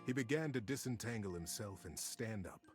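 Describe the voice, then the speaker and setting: A man giving a scripted storybook narration in an expressive, theatrical way. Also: on the low side, normal speed, faint music behind.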